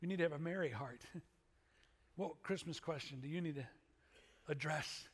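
A man preaches a sermon in a relaxed, conversational way. He swings between loud animated bursts and quiet earnest asides. His voice sits a little high and rings out in a big reverberant hall. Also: moderate pace, slightly rough. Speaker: pastor.

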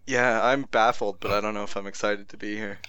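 A man's voice: fairly low pitch, fairly even intonation, fairly quick, bright, forceful tone. A man on a podcast panel in casual chat, laid-back and wry. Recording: dull, dry lo-fi mic.

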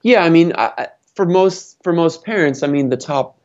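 A man's voice: a little high, animated, moderate pace, a little mellow. A man advising on family businesses, speaking thoughtfully with many fillers and restarts. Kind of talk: conversational interview answers. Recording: dull lo-fi sound.

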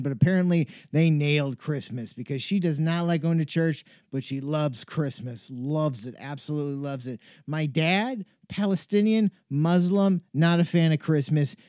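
A man muses aloud in a wry, self-deprecating comic ramble, drifting from one tangent to the next. His voice sits a little high for a man but sounds mellow and soft-edged. The recording is close and dry, with no room sound. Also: no echo. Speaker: podcast host. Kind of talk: rambling comedic monologue. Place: cold home garage. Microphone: earphones with mic.

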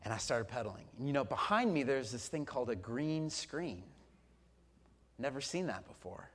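Animated storytelling pastor, a man. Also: medium pitch, moderate pace. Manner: storytelling, animated, swings from loud to soft. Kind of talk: sermon.

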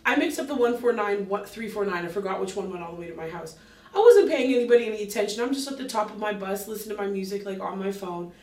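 A woman comedian in casual chat, telling stories in a lively, blunt way with swearing. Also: medium pitch, fast talker. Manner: lively storyteller, blunt and profane. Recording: roomy sound, mic at a distance.

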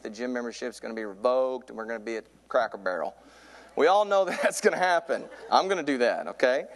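Animated storytelling preacher man. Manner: animated storyteller, voice climbs high in excitement. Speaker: youth pastor preaching. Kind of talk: sermon with comic storytelling. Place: church sanctuary pulpit.

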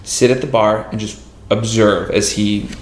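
A man, a podcast guest, telling a story in a casual, animated way and acting out other people's lines. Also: on the low side, unhurried, slight background noise. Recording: roomy echo.

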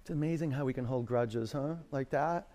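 A man's voice: medium pitch, normal speed, warm tone. A man teaching a power yoga class in a studio, calling out counts and cues and telling rambling stories between poses.

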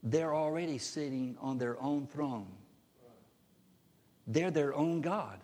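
A pastor delivers a sermon, his slightly high male voice pressing each point emphatically and leaping upward when he quotes. The sound carries a long reverb from a church sanctuary. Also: slow pace, a little mellow. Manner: emphatic, rises sharply in pitch when quoting.

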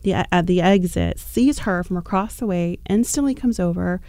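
A woman on a podcast telling an animated, chatty story, with plenty of fillers. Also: on the low side, normal speed, dry recording, studio quality. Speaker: podcast guest.

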